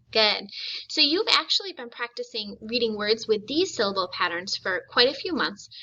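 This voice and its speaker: A woman teacher leading a phonics lesson, slowly modeling words for children to repeat. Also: mid-range voice, sharp tone, a little hiss or hum. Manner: slow, deliberate modeling of words for repetition. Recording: slightly dull lo-fi recording.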